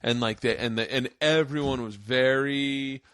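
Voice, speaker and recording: A male podcast host spinning loud, profane stories in casual chat. His voice sits at an average pitch. The sound is close and dry, as if from a studio mic in a small home man cave. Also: unhurried, no echo. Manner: profane, boisterous, acts out quotes. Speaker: podcast host and stand-up comedian.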